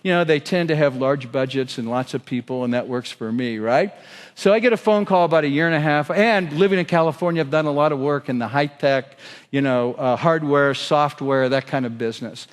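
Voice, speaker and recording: Guy doing a sales keynote, voice a bit high, lots of stories n questions to the crowd, big hall echo. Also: fairly quick, smooth. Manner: storytelling with quoted voices and audience questions. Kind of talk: keynote speech. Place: large hotel ballroom. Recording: long hall reverb.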